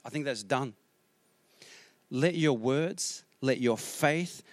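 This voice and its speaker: A man preaching a sermon as pastor, earnest and repetitive, moving between quiet scripture reading and rising exhortation. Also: a little high, dry recording. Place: church hall with congregation.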